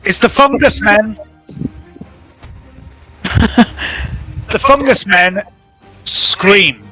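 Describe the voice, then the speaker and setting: A man's voice: sits high, extremely slow, bright, forceful tone, soft background music, poor audio. A man running a tabletop game as game master, joking and playfully bossy with his players.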